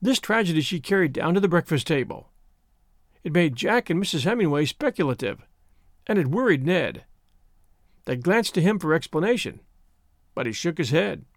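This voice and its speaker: A man reading a novel aloud as narrator, dramatic and expressive. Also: fairly high pitch, normal speed, long pauses, dry recording, studio quality. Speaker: audiobook narrator.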